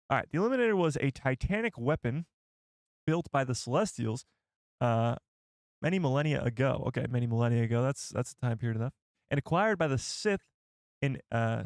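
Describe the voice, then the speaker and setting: This man runs a live stream in a loose, wandering way, musing aloud as he handles chat and checks things. His pitch is ordinary middle, and the sound is dry without any room echo.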